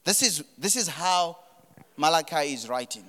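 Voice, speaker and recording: A man's voice: on the high side, expressive, normal speed, pushed and bright, big-room sound. A man preaching a sermon, building emphasis and repeating words as he drives his points. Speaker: pastor.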